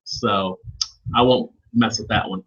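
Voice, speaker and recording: A man leading a live online training session, speaking informally and calling on attendees by name as he walks through software steps. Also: fairly low pitch, steady tone, slow, slightly rough, lo-fi sound. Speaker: webinar trainer.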